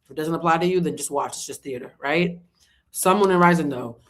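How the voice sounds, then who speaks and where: Loud, animated woman reading tarot live. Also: sits low, fairly quick, a little hiss or hum. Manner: loud, animated, swears freely, bursts into song. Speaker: tarot reader. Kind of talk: casual livestream tarot reading.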